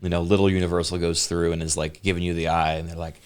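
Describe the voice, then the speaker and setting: A man with a very low voice co-hosts a casual podcast chat. He often stops and restarts while hunting for the right word. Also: level tone, darkish tone, clear, resonant tone. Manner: halting, searching for words. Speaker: podcast co-host.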